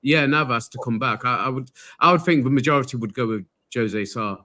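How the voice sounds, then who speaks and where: A man's voice: mid-range voice, a little fast, pushed and bright. An English man with a hesitant, rambling manner, chatting casually as a panelist on a live fan stream. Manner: rambling, hesitant, many fillers.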